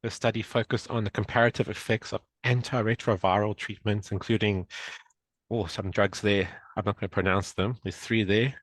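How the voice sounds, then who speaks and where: A man from South Africa hosting an online journal club. He introduces the speaker in a relaxed, chatty way and fumbles a little. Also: lowish voice, moderate pace, dry recording, rough recording. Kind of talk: casual introduction. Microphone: video call.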